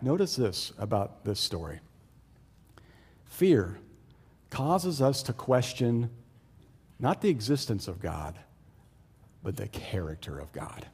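A male pastor delivering a sermon at a middle pitch. He talks in an easy, conversational way full of asides to the congregation. His storytelling rises loud and excited, then drops to a low, hushed hold on key points. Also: breathy edge, long reverb tail.

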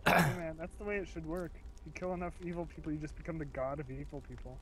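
Joking young co-host, slightly high voice. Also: male voice, a crowd in the background. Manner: joking, quick quips. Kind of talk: casual gaming banter. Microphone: cheap low-quality mic.

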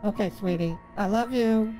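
A man's voice: high voice, normal speed, mellow, soft background music, natural voice. A man voicing a fragile, rambling woman who sobs with grief and then chatters on sweetly. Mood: chatty, sweet. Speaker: scambaiter.

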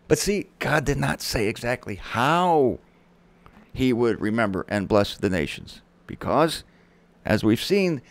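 A man's voice: high-pitched, a little mellow, no echo. A middle-aged man teaching the Bible in a sermon style, reading verses aloud with dramatic emphasis and dropping casual asides. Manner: conversational asides.

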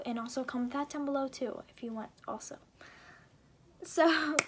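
Bubbly young american girl vlogging, high voice, lots of likes and ums, giggly. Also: slight background noise. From Indiana, USA. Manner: chatty, giggly, many fillers. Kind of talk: casual Q&A vlog.

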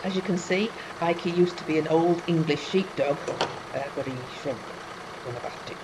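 A woman's voice: deep voice, moderate pace, heavy background noise. A woman, a horse owner, narrating her own video in a joking, chatty way. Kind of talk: casual narration over video.

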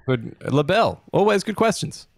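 A man's voice: high voice, sing-song, moderate pace, vocal fry, dry recording, studio quality. An Australian man co-hosting a comedy chat show on a video call, rambling loosely with lots of fillers and swearing. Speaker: co-host.

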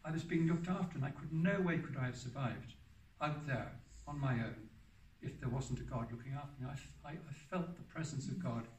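A man's voice: mid-range voice, brisk, few pauses, darkish tone. Seventies man, hermit telling stories to a gathering, meandering and self-correcting, heard from a distance. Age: 70s. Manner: rambling, often restarts and corrects himself. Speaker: hermit giving a public talk. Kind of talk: anecdotal storytelling talk. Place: hall for a public talk. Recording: roomy sound from a distant mic.

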